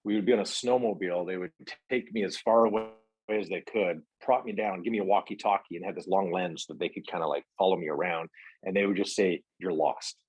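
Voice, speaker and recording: Middle-aged male actor guest, deep husky voice, rambling anecdotes, dry close sound. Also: fairly even intonation, quick pace, darkish tone, no echo, rough recording. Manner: rambling, many fillers and restarts. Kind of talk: casual interview chat.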